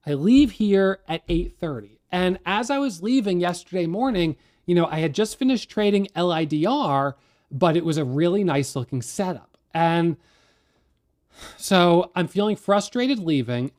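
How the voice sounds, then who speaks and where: Casual male trading educator, slightly high voice, candid and self-deprecating, animated storyteller. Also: a little slow.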